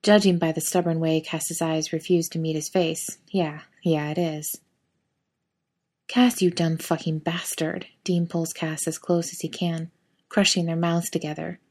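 A woman reading a story aloud in a steady, even way. Her voice sits somewhat low for a woman. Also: normal speed. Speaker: narrator.

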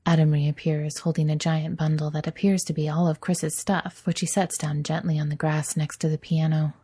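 A woman narrating a story aloud in a gentle, even storytelling manner. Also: low-pitched, slightly rough. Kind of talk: audiobook story reading.

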